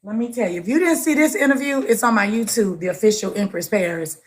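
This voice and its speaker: Woman live-streaming, chatting with her viewers, calls em baby and honey, mid-pitched voice. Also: expressive, fast talker. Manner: chatty, greets viewers by pet names. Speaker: livestream host. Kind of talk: casual livestream chat.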